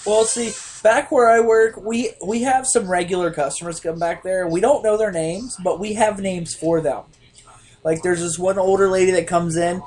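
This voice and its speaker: A young man co-hosting a casual podcast, telling profane stories with lively put-on voices. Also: high voice, normal speed. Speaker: podcast co-host. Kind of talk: casual chat.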